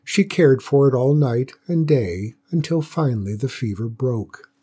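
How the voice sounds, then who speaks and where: Male storyteller, dark husky voice, measured folktale read. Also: medium pitch, animated. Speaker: narrator. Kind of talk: storybook reading.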